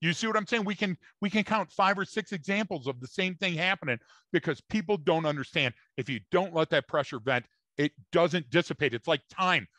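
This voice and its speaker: A man's voice: on the high side, expressive, brisk, few pauses, sharp tone, no room sound. A man co-hosting a podcast, telling stories in an emphatic, repetitive way in casual chat. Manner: emphatic, storytelling, repeats words. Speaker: podcast co-host.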